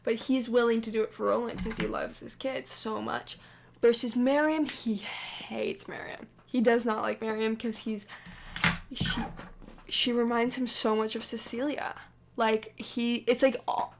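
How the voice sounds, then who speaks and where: A young woman talks through her game in a loose, rambling way, dotted with fillers. Her voice sits a touch high and crackles with vocal fry. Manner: chatty and rambling, full of "like" and "um". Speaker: let's play narrator. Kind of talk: casual gameplay commentary.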